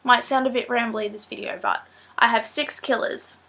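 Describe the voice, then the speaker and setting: A woman's voice: on the high side, fairly even intonation, normal speed, fairly bright tone. Nasal, stuffy-nosed teenage girl. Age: late teens. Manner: chatty and rambling, many ums. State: blocked nose, sore throat. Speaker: student vlogger. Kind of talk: casual vlog talk to camera.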